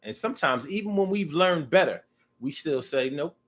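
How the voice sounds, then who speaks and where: A man talking in a casual, rambling monologue, animated and profane, to his own audience. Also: a little high, moderate pace. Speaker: vlogger.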